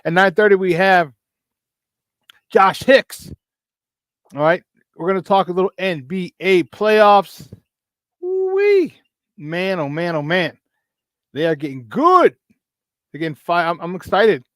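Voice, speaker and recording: A man's voice: measured pace, long pauses, no echo, studio quality. Fired-up male sports show host. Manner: hyped up, shouting out viewers by name; swings between loud excitement and low, tired muttering. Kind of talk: casual morning sports talk show.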